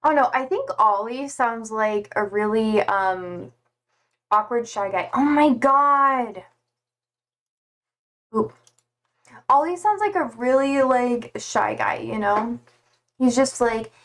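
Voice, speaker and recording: A woman's voice: on the high side, fairly bright tone. A woman chatting casually on a live stream, playful and giggly. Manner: giggly and playful, slow drawn-out talk.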